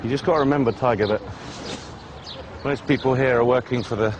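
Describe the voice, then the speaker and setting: A British man in his forties with an even, mid-range voice and a deadpan delivery. He talks in a hushed, mock-paranoid, conspiratorial way as he walks a busy city street. Traffic noise runs clearly behind him. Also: medium pitch, brisk. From Britain. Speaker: travel show host. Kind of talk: comic travel banter.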